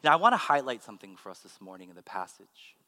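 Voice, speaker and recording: A man, a pastor, giving a sermon with animated, humorous storytelling. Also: mid-range voice, fast. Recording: long hall reverb.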